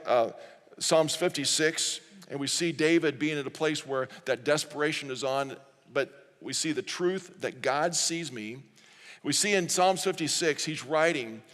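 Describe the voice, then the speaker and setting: A man's voice: fairly high pitch, a bit bright. Earnest man preaching in a reverberant hall. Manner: earnest preaching, reading scripture aloud with the congregation. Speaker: pastor. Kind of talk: sermon. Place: large church sanctuary.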